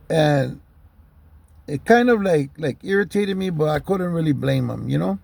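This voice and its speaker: A man recounts a story in a relaxed, unpolished way, dropping curse words and "you know" between thoughts. His voice has a rough, gravelly texture and sits a bit higher than most men's. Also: moderate pace. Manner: loose and profane, many fillers like "you know". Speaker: storyteller recounting a police stop. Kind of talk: casual spoken storytelling.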